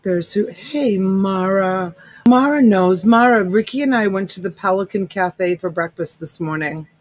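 A woman's voice: medium pitch, measured pace, no echo, rough recording. A middle-aged woman hosting a live-stream sale in casual chat, greeting viewers by name and calling them honey and sweetheart. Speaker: live-stream reseller host. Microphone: USB desk mic.

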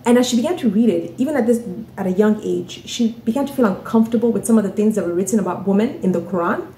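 A woman's voice: medium pitch, fast, warm tone, slight background noise. A woman telling a story in a casual vlog, chatty, often asking "right?" and "you know". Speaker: author and vlogger. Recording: roomy echoey room.

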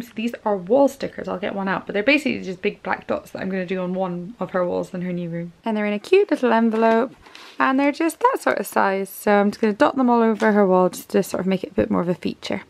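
A young woman from the UK chatting warmly about parcels in a casual home vlog, gushing over each item. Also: mid-range voice, vocal fry, slight background noise. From United Kingdom. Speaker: parenting vlogger. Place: home, indoors.

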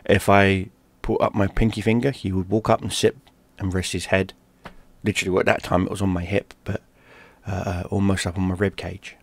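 A London gaming streamer with a low, slightly fast, creaky voice tells a personal story, animated and swearing, acting out the shouted lines himself. The recording is dry and close, with no room echo.

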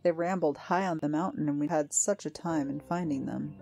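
A woman's voice: deep voice, brisk, gravelly, warm tone, soft background music. A woman voicing a cheerful, chatty young village boy in a storybook reading. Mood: eager.

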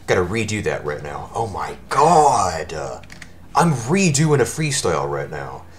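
A man giving live commentary over his own speedrun, his voice worn from shouting, talking at the game in exasperated outbursts. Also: deep voice, big pitch swings, a little slow, faint music behind.

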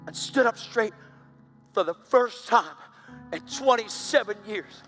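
A man preaching a sermon, telling a story with animated energy and rising to loud, excited bursts. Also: high-pitched, moderate pace, faint music behind.

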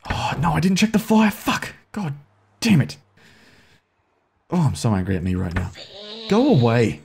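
Nervous and foul-mouthed, a man plays a horror game for his video, coaxing and reprimanding the characters, with his voice jumping whenever he's startled. His medium-pitched voice swings hugely in pitch, sounds creaky and a little mellow, and moves at a moderate pace. There's a slight hiss or hum.

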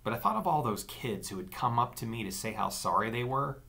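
A man with a medium-pitched voice and some vocal fry narrates an audiobook fairly quickly. His delivery is expressive, in a storytelling style.

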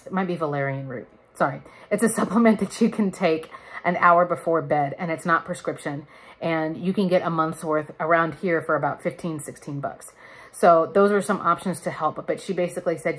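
A woman's voice: low voice, normal speed, breathy edge. A woman in her thirties chatting candidly to camera in a casual vlog, laughing now and then. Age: 30s. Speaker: vlogger. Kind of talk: casual chat.

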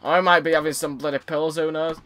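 Frustrated gamer, high bright voice. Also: male voice, flat delivery, brisk. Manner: frustrated, swearing, sarcastic. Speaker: gaming YouTuber. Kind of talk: let's play commentary.

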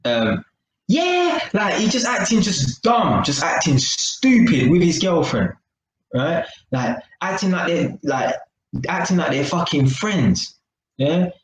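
A man's voice: on the high side, sing-song, takes it slowly, reverberant, slight background noise, rough recording. A man giving a casual live-stream talk to his viewers, chatty and full of tag questions. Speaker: vlogger.

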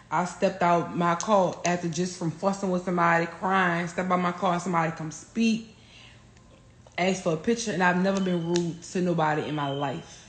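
A woman, telling stories on a phone livestream in a profane, animated way. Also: fairly low pitch. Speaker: livestream host. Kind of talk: casual livestream rant. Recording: roomy echo.

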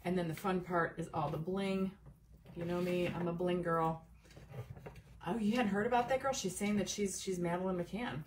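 A woman's voice: lowish voice, normal speed, darkish tone, far from the mic. A middle-aged woman chats through a crafting livestream, greeting viewers by name and wandering into asides. Her voice sits a little off the mic with faint room noise behind it. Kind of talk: casual live crafting chat.

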